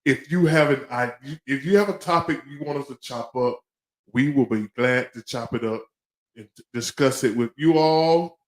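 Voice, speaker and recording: A man's voice: medium pitch, moderate pace, echoey room, rough recording. A man co-hosting a live talk show, chatting loosely in slang and repeating his phrases. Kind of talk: casual live-stream chat.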